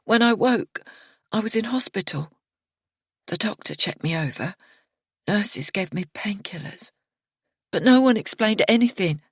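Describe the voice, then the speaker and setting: A woman reading an audiobook voices a bitter, grieving young woman who drawls slowly and breaks into higher-pitched whispers. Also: slightly rough, no room sound, clean studio sound. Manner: slow drawling, whispered and shrill.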